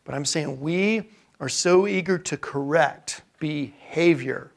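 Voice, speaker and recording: A man leads a parenting seminar in a loose, conversational way. He keeps asking the room questions and checking that they follow. His voice sits a little above the usual male pitch. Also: slow pace, vocal fry. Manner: conversational, often checks in with "okay?" and asks the audience questions. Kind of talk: live talk to an audience.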